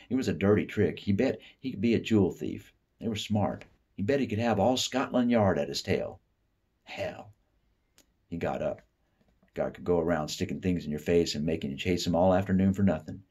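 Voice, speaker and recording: A man from the Appalachian United States reads a short story aloud in a deep, husky voice. His reading is expressive, sinking soft and low whenever he voices the character's private thoughts. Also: brisk. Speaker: reader.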